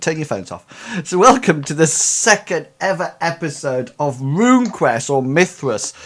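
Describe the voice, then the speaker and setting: A man's voice: a little high, very animated, moderate pace, hardly any pauses. A man hosting and running a tabletop game over a video call, chatty and hesitant, with many fillers and restarts. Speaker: game master.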